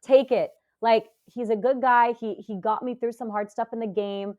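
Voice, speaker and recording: A woman's voice: fairly high pitch, steady tone, moderate pace, darkish tone, highs cut off. A woman in her forties, a podcast guest, retelling an emotional experience with many hesitations and fillers. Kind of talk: casual interview storytelling.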